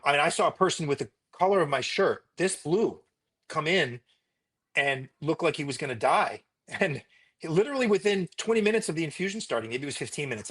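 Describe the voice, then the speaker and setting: A man, a physician, telling stories in a conversational interview in an emphatic, animated way. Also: fairly high pitch, slightly rough. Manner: emphatic, animated retelling with repetition.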